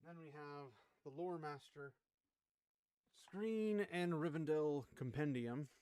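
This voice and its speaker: A man's voice: a little high, slow pace, dark tone, smooth, no room sound. Chatty young man, dry close sound. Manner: chatty, laughs often, rambling asides. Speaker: streamer. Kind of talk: casual chat showing off collectibles.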